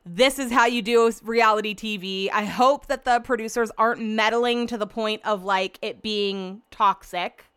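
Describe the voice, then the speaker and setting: Young woman podcaster gushing casually, kinda high voice, smooth and clean. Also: fairly even intonation, unhurried, few pauses, a bit bright. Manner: bubbly, gushing, uses lots of "like" and "um". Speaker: podcast host. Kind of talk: casual solo chat.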